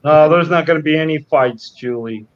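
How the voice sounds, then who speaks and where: A man hosting an art livestream on a video call, chatting casually and reading out viewer comments with excitable, stumbling restarts. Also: fairly high pitch, normal speed, lo-fi sound. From United States. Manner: excitable, repeats words when he starts a sentence.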